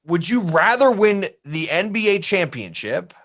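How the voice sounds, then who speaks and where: A man co-hosting a casual podcast chat, rambling and animated, who keeps dropping into mock voices. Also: sits high, unhurried. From US East Coast. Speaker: podcast co-host.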